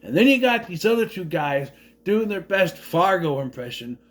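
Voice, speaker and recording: Guy from southern minnesota rambling thru a movie recap, kinda high voice, jumps around a lot, cracks jokes. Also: sing-song, moderate pace, fairly bright tone. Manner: rambling, joking asides. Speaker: movie reviewer. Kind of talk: casual spoiler review.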